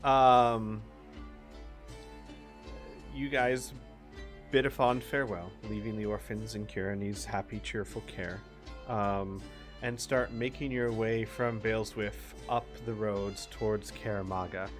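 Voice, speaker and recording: A man speaks slowly and unhurriedly as game master, keeping a relaxed, chatty tone full of fillers. Faint music plays under his voice. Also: lowish voice. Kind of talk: narrating a tabletop game.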